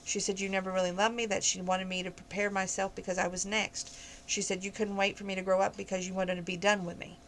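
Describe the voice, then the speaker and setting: A woman's voice: mid-range voice, little pitch movement, quick pace, a bit bright, a little hiss or hum, lightly acted, poor audio. Woman reading as earnest grown stepdaughter Jolene. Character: grown woman reconciling with her stepfather.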